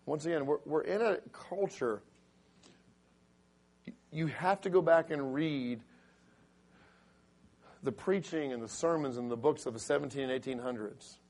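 A middle-aged pastor preaching with a raspy, fairly high voice. He reads scripture aloud and builds to loud, emphatic points. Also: unhurried, pauses often. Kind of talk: sermon.

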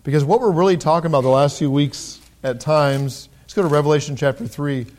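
A middle-aged man preaching a sermon in a conversational way, with pauses and restarts, who raises his voice when he reads scripture. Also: fairly high pitch, a little mellow. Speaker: pastor.

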